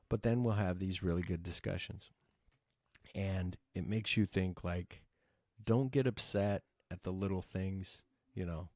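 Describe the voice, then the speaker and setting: Deep, dark-voiced man telling rambling stories. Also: fairly even intonation, moderate pace, dry recording, studio quality. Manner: rambling, profane, lots of fillers. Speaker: podcast host. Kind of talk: casual podcast storytelling.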